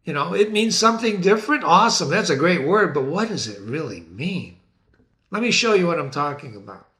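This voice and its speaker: A man's voice: on the high side, brisk. A middle-aged man hosting his own literature channel, talking to viewers with theatrical enthusiasm. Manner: animated, theatrical, addresses viewers as ladies and gentlemen. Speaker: literature teacher and website host. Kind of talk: enthusiastic talk to camera.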